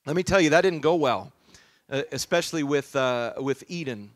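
A male pastor preaching a sermon in an easygoing, story-driven style, full of "uh"s and restarts. His voice sits a little high. The sound is dry and close, with no room echo. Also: animated, normal speed. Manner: conversational storytelling with many fillers.

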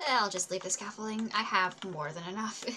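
Her voice sits at a medium pitch and moves at normal speed, bright and forceful, with a slight hiss or hum behind it. On a casual gaming livestream, this woman makes giggly, self-mocking asides, stays bubbly, and hums sing-song nonsense to herself while playing.

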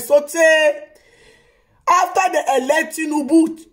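A woman's voice: sits high, expressive, moderate pace. A woman with a Nigerian Pidgin accent hosting a news vlog, chatting casually and tagging her phrases with exclamations. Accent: Nigerian Pidgin English. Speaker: vlog host reacting to news.

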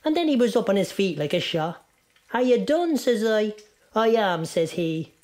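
A performer voicing a chatty, folksy old Irish woman who tells her story with big swings in pitch. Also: sing-song, moderate pace, darkish tone, close to an everyday voice. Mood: gossipy.

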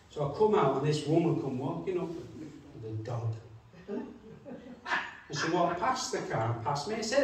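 Lively pastor, echoing hall. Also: male voice, fairly high pitch, measured pace, slight background noise. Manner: chatty anecdotes with acted-out quotes. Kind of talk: storytelling sermon. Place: church hall. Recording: echoey church hall from far off.

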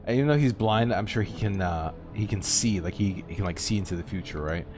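A man's voice: fairly low pitch, fast talker. An American man commenting casually while streaming a game, rambling and chatty with plenty of fillers. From United States. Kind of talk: casual let's-play commentary. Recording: voice over loud game music.

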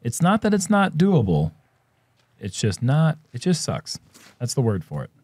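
Male play-by-play voice for casual sports coverage; relaxed, jokey banter with a lively, swinging pitch. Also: moderate pace, husky. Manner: easygoing, laughs often, banters. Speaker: disc golf commentator.

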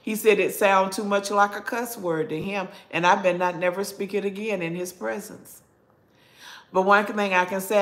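A woman, chatting with her viewers in a slow, folksy, preachy way. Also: fairly low pitch, a bit bright. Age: 70s. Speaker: cooking channel host reading chat. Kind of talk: casual live chat.

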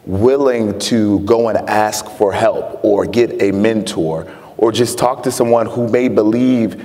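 Man, guest author, earnest storyteller, low voice, onstage interview, reverberant lecture hall. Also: a little slow, mellow. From Chicago. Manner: earnest storytelling, laughs often. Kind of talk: onstage interview before an audience.

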